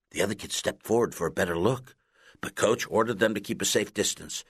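A man narrating a children's audiobook in a deliberate, expressive storytelling manner, recorded close on a studio mic. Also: lowish voice, slightly rough, dry recording.

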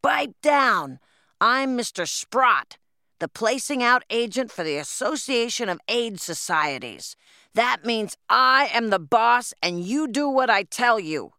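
A woman's voice: a little high, lively intonation, slow, creaky, bright, forceful tone, no echo, studio quality, voice pushed up, full character voice. A woman voicing a short, blustering male agent who roars and threatens a crowd of orphan children, in a storybook reading. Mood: bossy roar. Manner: roaring, threatening. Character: blustering loud male placing-out agent, bossy bully.

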